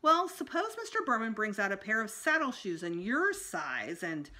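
A woman's voice: medium pitch, very animated, moderate pace, sharp tone. A woman voicing a wry, put-upon fourth-grade boy in a storybook reading. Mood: protesting.

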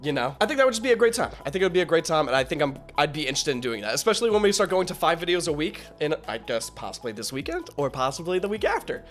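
A slightly hoarse man giving casual, rambling, enthusiastic commentary as a reaction video host. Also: on the high side, very animated, racing, hardly any pauses, soft background music. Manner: rambling, filler-heavy, enthusiastic.

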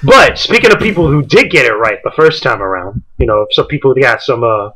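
A man co-hosting a casual gaming podcast, energetic and rambling as he talks. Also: mid-range voice, brisk, slightly rough, poor audio. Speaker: podcast co-host.

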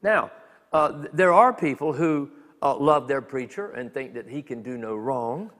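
A man preaching a sermon as a minister, talking in a conversational, animated way with quick acted asides. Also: medium pitch, long reverb tail. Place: church sanctuary.

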